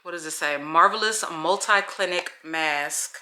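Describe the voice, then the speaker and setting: A young adult woman chatting casually to her viewers in a vlog, telling stories in an animated, profane way. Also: lowish voice, a little slow. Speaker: vlogger. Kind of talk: casual vlog chat to camera.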